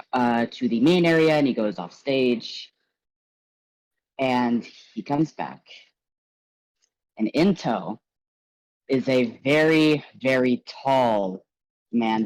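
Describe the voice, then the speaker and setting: Young woman as tabletop game master; deep and very animated delivery, casual, a little profane. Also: dry recording, rough recording. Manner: casual, swears, self-deprecating, animated. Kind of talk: narrating a tabletop role-playing game.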